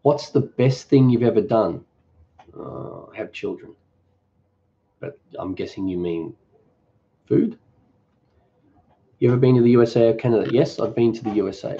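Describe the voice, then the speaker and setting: A relaxed man chats his way through a live-stream Q&A, reading viewers' comments aloud. His voice is warm and mellow. The audio is dull and lo-fi. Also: on the low side, moderate pace, gravelly, long pauses. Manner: easygoing, reads viewer comments aloud and answers them off the cuff. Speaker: cooking channel host.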